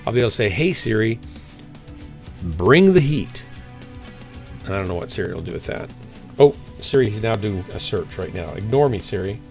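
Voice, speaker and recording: A man's voice: fairly low pitch, expressive, fast talker, gravelly, darkish tone, faint music behind. A man streaming a game and telling a rambling story in casual chat, full of fillers and restarts. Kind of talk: casual chat while gaming.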